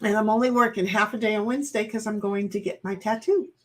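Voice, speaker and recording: A woman's voice: mid-range voice, steady tone, quick pace, fairly bright tone. A woman hosting a livestream alone, chatting casually with her viewers, reading out their comments and rambling in a playful, self-deprecating, confused way.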